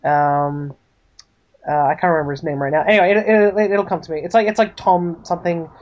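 A woman improvising a comedy TV pitch, rambling, full of fillers, and animated. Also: brisk. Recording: slightly dull lo-fi recording.

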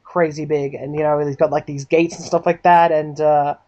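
A woman improvising a comedy TV pitch, rambling, full of fillers, and animated. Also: normal speed. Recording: slightly dull lo-fi recording.

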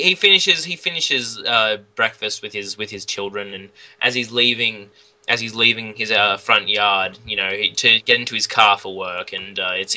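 A man telling a made-up comic film plot in casual, rambling chat, with lots of restarts and deadpan jokes. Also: on the low side, rough recording. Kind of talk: casual comedic storytelling.

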